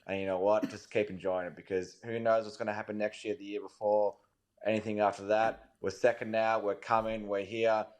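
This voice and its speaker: An Australian man leaves an excited voice message about his team, swearing and rallying his mates. His voice sits low. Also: a little fast. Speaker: caller leaving a voice message. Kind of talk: recorded fan voice message.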